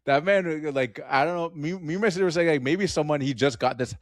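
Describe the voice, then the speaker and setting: A man's voice: a little high, fairly quick, no room sound, studio quality. A man co-hosting a podcast, talking about a film in a loose, chatty way, full of filler words. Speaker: podcast co-host. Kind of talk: casual film review chat.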